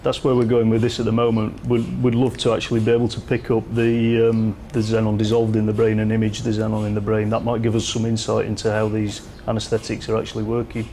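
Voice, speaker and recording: A man who is a medical imaging researcher, calmly giving instructions and explaining. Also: on the low side, fast talker, hardly any pauses, a little hiss or hum.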